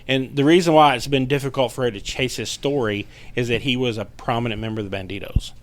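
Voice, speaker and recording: A middle-aged man telling a story in a casual podcast chat, animated and profane, acting out the voices of the people in it. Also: medium pitch, fast, a little hiss or hum. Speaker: podcast guest, paranormal investigator.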